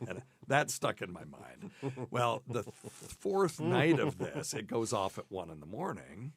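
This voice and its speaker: A man's voice: fairly low pitch, very animated, unhurried, breathy edge, no room sound. A man hosting a podcast as a doctor, telling a rambling, self-deprecating story in casual chat and laughing at himself.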